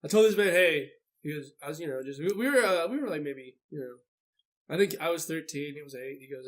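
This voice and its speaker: A man's voice: fairly high pitch, fairly quick. A young man co-hosting a podcast in casual chat, telling a story and acting out the voices in it. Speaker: podcast co-host.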